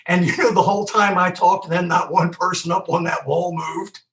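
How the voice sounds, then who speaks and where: A man, a former police sergeant, telling animated stories with frequent laughter in a casual interview. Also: high-pitched, normal speed. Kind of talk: casual storytelling. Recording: echoey room, distant mic.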